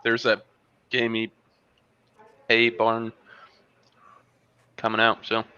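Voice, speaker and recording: A man hosting a casual online tasting show, describing a beer and a cheese in a relaxed, rambling way with plenty of fillers. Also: lowish voice, slow pace, smooth, no room sound, lo-fi sound. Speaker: host reviewing beer and cheese. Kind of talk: casual tasting review on a video call. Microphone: video call.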